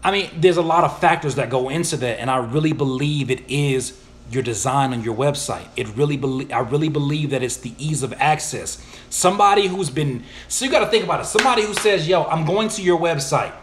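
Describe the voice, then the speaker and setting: A man's voice: fairly high pitch, brisk, slight background noise. Slangy man answering viewer questions. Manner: animated, slangy, reads questions aloud then answers. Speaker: YouTuber and music producer answering viewer questions. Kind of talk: casual live Q&A.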